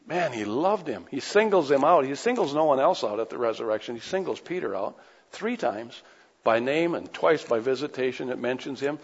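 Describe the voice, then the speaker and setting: A man's voice: medium pitch, lively intonation, moderate pace, husky. A man preaching a sermon, reading scripture aloud and breaking off into casual conversational asides. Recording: dull lo-fi recording with long hall reverb.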